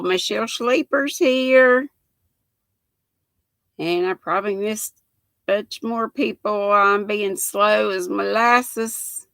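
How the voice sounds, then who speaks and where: Gravelly older Southern woman, slow and bright. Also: medium pitch, lively intonation, no room sound. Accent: North Carolina Southern. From North Carolina. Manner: chatty, folksy, greets viewers by name. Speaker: crochet livestream host. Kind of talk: casual livestream chat reading comments.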